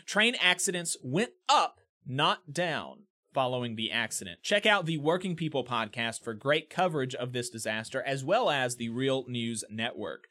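A man's voice: medium pitch, animated, moderate pace, hardly any pauses, pushed and bright. A man hosting a labor news podcast, reading a news roundup with opinionated, sarcastic commentary.

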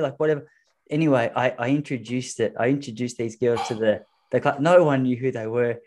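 A mid-range, slightly quick voice belongs to an Australian podcast co-host in his thirties. Chatting informally, he spins animated stories and voices the people he's quoting.

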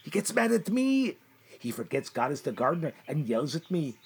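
A man's voice: fairly high pitch, sing-song, normal speed, gravelly, husky. A man performing a comedic gardener, who mutters to himself anxiously and talks fondly to his plants. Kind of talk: comedy sketch monologue.

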